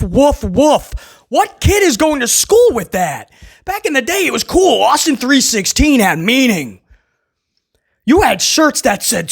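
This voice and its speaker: A man reviewing a wrestling show in casual, sarcastic commentary. His pitch swings widely as he mocks and chuckles at his own jokes. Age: adult who was a kid in the late 1990s.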